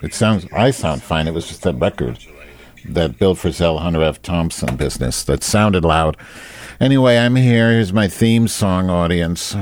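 Alone at his desk microphone, a man hosts a live online talk show, rambling, teasing and being crude. His low voice is expressive and darkish in tone, at normal speed.

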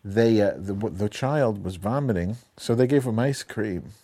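A man's voice: on the low side, unhurried, dark tone, slightly rough. A man co-hosting a casual chat show, telling long rambling stories full of profanity and self-mockery. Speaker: podcast co-host.

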